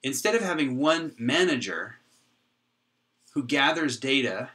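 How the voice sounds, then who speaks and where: A man giving a whiteboard tutorial on how his software works, thinking aloud with frequent restarts and pauses. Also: mid-range voice, sing-song. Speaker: software developer explaining his code. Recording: voice from a distance off the mic.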